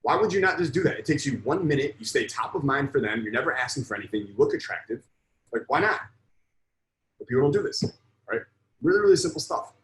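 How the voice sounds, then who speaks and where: A man in the middle pitch range teaches a live sales lesson to an online group. He talks bluntly and with emphasis, swearing often to drive his points home. The room around him has a noticeable echo. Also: big pitch swings, fast. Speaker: sales coach.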